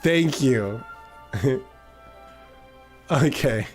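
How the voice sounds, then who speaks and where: A man's voice: mid-range voice, expressive, faint music behind. A man streaming a game, chatting casually and rambling off mid-sentence as he reads his chat. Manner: rambling, distracted, quick to trail off.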